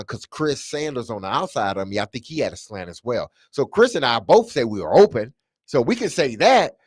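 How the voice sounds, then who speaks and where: A man co-hosting sports talk radio, telling stories in a casual, animated way and laughing often. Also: mid-range voice, no echo, clean studio sound. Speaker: sports radio co-host, former player.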